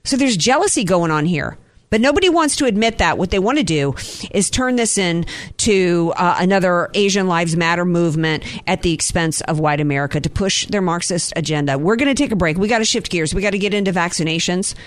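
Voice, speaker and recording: A woman from the American South hosting a radio talk show, brisk, chatty and opinionated. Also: fairly low pitch, lively intonation. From North Carolina and New Orleans area.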